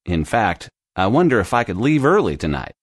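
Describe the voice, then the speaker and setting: A man's voice: on the low side, big pitch swings, moderate pace, slightly rough, dry recording, studio quality. A man playing an earnest young male office worker in a scripted lesson dialogue, reassuring his boss.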